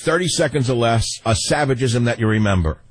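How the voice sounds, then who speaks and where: A man's voice: mid-range voice, expressive, brisk, breathy edge, no echo. An older man hosting a call-in radio talk show, blunt and sardonic, laughing often.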